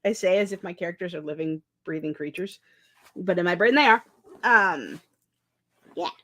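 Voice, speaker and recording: A woman's voice: lowish voice, moderate pace, bright, forceful tone. A young woman chatting casually on a writing livestream, reading chat aloud and often restarting her sentences. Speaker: streamer hosting a writing session.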